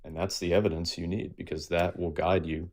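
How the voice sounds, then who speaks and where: A man's voice: low voice, steady tone, fairly quick, a little mellow. A man in his twenties calling in to a livestream, earnest and a bit rambling. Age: 20s. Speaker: caller. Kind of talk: casual call-in chat.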